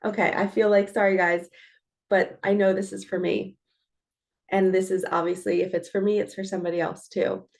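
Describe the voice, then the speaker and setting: A woman's voice: mid-range voice, level tone, normal speed, gravelly, darkish tone. A middle-aged woman, a spiritual coach, chatting casually and earnestly as she reads oracle cards, laughing now and then. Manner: chatty and earnest, laughs often, self-talk asides.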